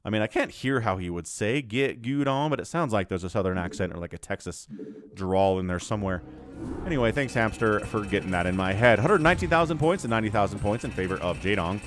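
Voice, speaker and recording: A man giving solo commentary on a strategy game as a shoutcaster, excitable and animated. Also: fairly low pitch, quick pace. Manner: excitable and animated, breaks into laughs. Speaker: StarCraft shoutcaster.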